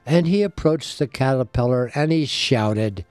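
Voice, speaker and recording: A man telling a folk tale in storybook narration, animated and voicing the characters. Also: mid-range voice, a little slow, clear, resonant tone, no echo, faint music behind. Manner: animated, voices the characters, asides to a listener.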